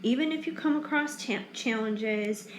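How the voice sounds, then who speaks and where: A woman's voice: fairly high pitch, moderate pace. Tired, chatty woman giving a tarot reading. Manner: chatty, reassuring, frequent fillers. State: tired, yawning. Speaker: tarot reader. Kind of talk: casual pick-a-card tarot reading. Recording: echoey room with faint ambience.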